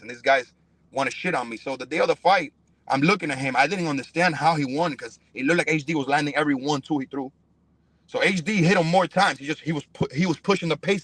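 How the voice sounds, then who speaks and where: A man's voice: on the high side, fairly bright tone, dry recording. A man, a professional fighter guest on a podcast, talking heatedly in a blunt, profane, emphatic way. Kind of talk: heated interview talk.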